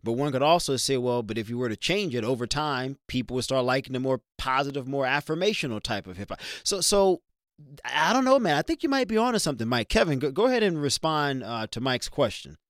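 Man, radio show host, mid pitch, dry close mic, energetic, conversational. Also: no room sound. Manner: energetic, conversational, quick asides. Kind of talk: talk radio hosting.

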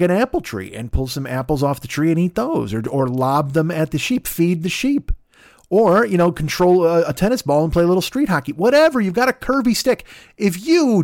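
A man's voice: high-pitched, no echo, clean studio sound. A male podcast host telling a comic story with profane, absurd riffing asides.

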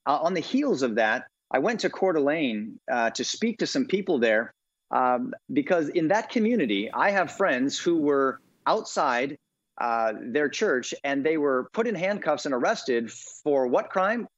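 Animated middle-aged man, dull lo-fi sound. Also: fairly high pitch, measured pace, no echo. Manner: animated storyteller, frequent uhs and ums. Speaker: interview guest. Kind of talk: casual interview talk. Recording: dull, dry lo-fi audio.

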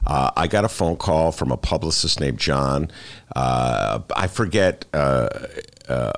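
A man hosting a podcast interview, talking in a loose, animated, rambling way with jokey asides. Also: extremely low pitch, a little slow, vocal fry, dry recording. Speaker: podcast host. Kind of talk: casual interview chat.

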